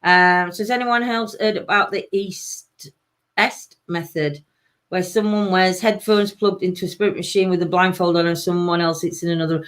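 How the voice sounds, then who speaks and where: With a Sheffield accent from Yorkshire, England, a live stream host chats casually, reads viewer comments aloud, laughs often and trails off partway through sentences. The tone is steady and a bit bright, at medium pitch and moderate pace.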